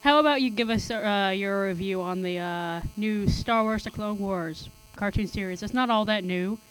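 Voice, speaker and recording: A woman hosting a podcast, asking relaxed questions with easy fillers in a casual chat. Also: mid-range voice, normal speed, smooth, soft background music, poor audio. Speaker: podcast host.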